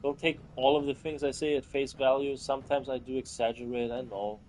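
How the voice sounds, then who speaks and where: A young man giving casual, profane commentary while playing a game, lurching from loud angry outbursts to low muttering. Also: level tone, fairly quick, a little hiss or hum, poor audio.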